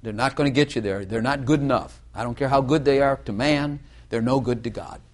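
A man's voice: mid-range voice, brisk. A middle-aged man preaching a sermon in a loose, conversational way, full of restarts and asides.

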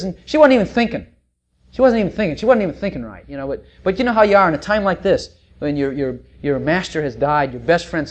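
Preacher, casual sermon storyteller; jokey, repeats himself, stammers restarts. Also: mid-range voice. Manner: folksy, animated storytelling with joking asides; swings between loud bursts and quiet asides. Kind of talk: sermon, Bible teaching.

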